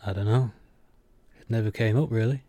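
A man's voice: on the low side, a little fast, warm tone, dry recording, natural voice. A man voicing a wry, direct young male student who boxes. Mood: hesitant.

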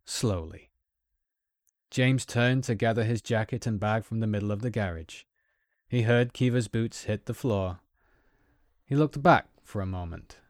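A man narrating a story in a measured, scripted reading. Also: lowish voice, a little mellow, no room sound, clean studio sound. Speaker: audiobook narrator.

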